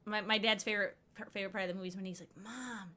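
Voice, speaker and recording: A chatty woman streamer talking her way through a game, her voice bright and forward. She rambles through side stories and laughs often as she goes. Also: medium pitch, flat delivery, rapid-fire. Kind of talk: casual gameplay commentary.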